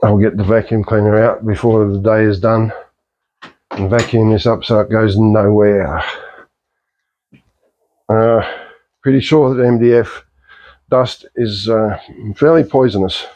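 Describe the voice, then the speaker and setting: A man's voice: fairly low pitch, steady tone, unhurried, pauses often, darkish tone, highs cut off. Muttering Australian man in his workshop. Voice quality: talks to himself, mutters and swears, wry jokes. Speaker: hobbyist woodworker. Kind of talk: casual workshop commentary. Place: home workshop.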